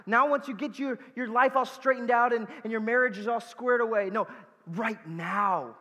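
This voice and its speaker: A man's voice: very high voice, normal speed, bright, forceful tone, big-room sound. A man preaching a sermon as pastor, earnest and emphatic, repeating key words for weight and dropping in casual asides.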